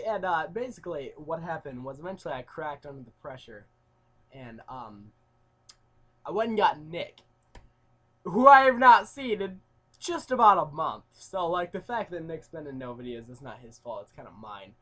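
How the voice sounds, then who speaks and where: A young man telling a rambling story in a casual vlog, full of fillers, swinging between loud outbursts and mumbled asides. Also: on the high side, lively intonation, normal speed. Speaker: YouTuber.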